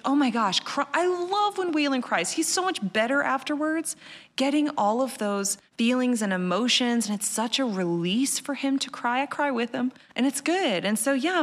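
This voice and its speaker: Chatty animated woman in a reverberant room. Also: a little high. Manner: animated, laughs easily, says "like" often. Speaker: podcast guest. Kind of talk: casual interview chat.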